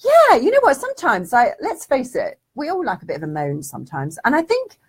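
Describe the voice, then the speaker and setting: A woman's voice: sits high, huge pitch swings, a little fast, slightly rough. Chatty woman hosting a live stream. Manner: chatty and affectionate, calls viewers darling. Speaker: spiritual development teacher hosting a live stream. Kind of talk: casual Facebook Live chat, reading viewer comments.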